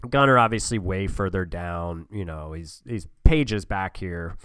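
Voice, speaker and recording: A man's voice: sits low, unhurried, a bit bright, smooth, no echo. Casual man thinking aloud over a game. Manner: conversational, thinking aloud, frequent fillers. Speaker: gaming channel host. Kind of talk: casual gameplay commentary.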